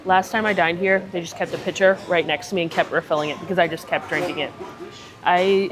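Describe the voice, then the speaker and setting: This woman, lowish in voice, keeps a steady tone and talks a little fast while reviewing dishes for her casual, upbeat food vlog. A crowd chatters behind her on a cruise ship.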